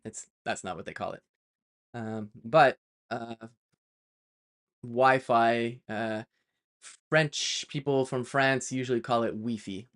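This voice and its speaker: A man's voice: mid-range voice, steady tone, slow, pauses often, fairly bright tone. Chatty, rambling man live-coding on stream. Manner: chatty, rambling, many fillers and self-corrections; playful, prone to side tangents. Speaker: developer live-streaming his work.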